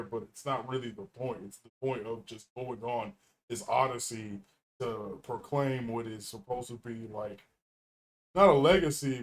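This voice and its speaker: A young man chatting casually on a podcast, rambling with enthusiasm about anime and books. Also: mid-range voice. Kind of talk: casual chat. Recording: roomy echo from the mic.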